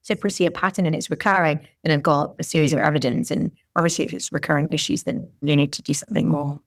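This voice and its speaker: Candid woman guest, lower voice. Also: quick pace. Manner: candid, animated storytelling. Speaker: clinic owner, guest. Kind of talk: podcast interview.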